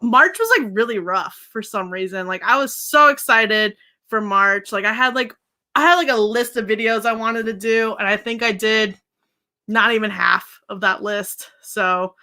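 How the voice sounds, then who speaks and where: A woman's voice: fairly high pitch, normal speed, sharp tone. A young woman hosting a casual beauty livestream, rambling effusively to her viewers and laughing often.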